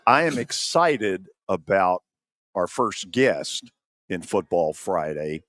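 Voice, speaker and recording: Lively Southern sports radio host. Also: male voice, deep voice, slow pace, no echo. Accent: Southern American. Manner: folksy storytelling, animated quotes. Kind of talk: sports talk radio hosting. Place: studio at an ice center venue. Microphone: studio microphone.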